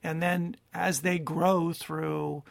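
A man co-hosting a podcast, chatting casually in a reflective way, often pausing to search for words. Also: fairly high pitch, flat delivery, gravelly. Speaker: podcast co-host. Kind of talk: casual chat.

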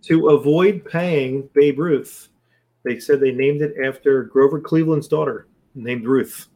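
Husky man with dry wry asides. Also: medium pitch, measured pace, warm tone. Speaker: podcast co-host. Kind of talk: casual chat.

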